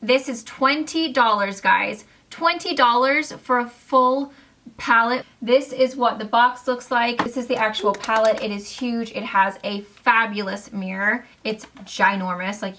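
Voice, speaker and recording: A woman's voice: mid-range voice, bright, forceful tone, slight background noise. A woman beauty vlogger reviewing makeup palettes to camera in a bubbly, gushing, chatty way. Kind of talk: casual product review to camera.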